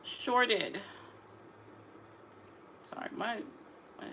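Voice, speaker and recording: Sassy animated woman, drawl. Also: on the high side, extremely slow, background noise. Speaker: mother vlogging about parenting. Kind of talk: casual talk to camera.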